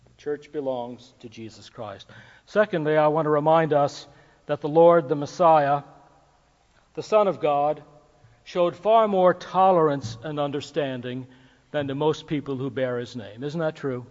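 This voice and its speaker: A man preaching a sermon as pastor, talking casually and jokingly with filler pauses. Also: on the high side, fairly even intonation, a little mellow. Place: church sanctuary. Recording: dull recording with long hall reverb.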